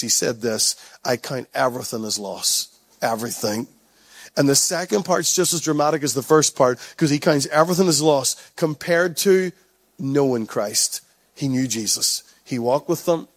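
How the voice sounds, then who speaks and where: A man's voice: mid-range voice, normal speed, no room sound. A male pastor with an Irish accent preaching a sermon, driving his points home through repetition and breaking into playful, laughing asides.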